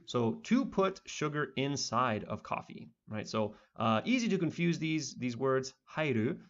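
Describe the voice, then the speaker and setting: A man teaching a beginner language lesson online in a relaxed, conversational way with lots of fillers. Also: medium pitch, measured pace, few pauses, muffled recording.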